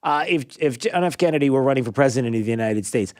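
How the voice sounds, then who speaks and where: On a studio microphone, a male radio talk show host riffs with sarcastic energy, regularly chuckling at what he just said. His mid-range voice runs a little fast, and there's no room sound.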